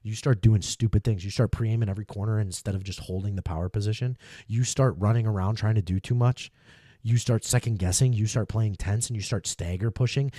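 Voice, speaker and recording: Emphatic man coaching with a dark voice. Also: lowish voice, no room sound, studio quality. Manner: emphatic, repetitive, keeps checking in with "okay?". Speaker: game coach. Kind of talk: energetic coaching talk.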